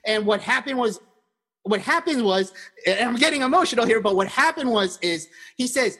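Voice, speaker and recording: Husky high-voiced man, animated storyteller. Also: normal speed. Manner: animated storyteller with many restarts. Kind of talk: casual chat.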